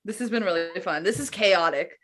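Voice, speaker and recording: A woman co-hosting a podcast, friendly and upbeat, reacting quickly in casual chat. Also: lowish voice, over music. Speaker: podcast co-host.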